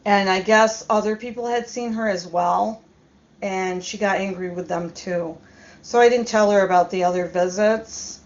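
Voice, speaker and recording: A woman telling a personal story in a casual, hesitant way, with many pauses and ums. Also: mid-range voice, steady tone. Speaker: storyteller vlogger. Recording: dull lo-fi recording.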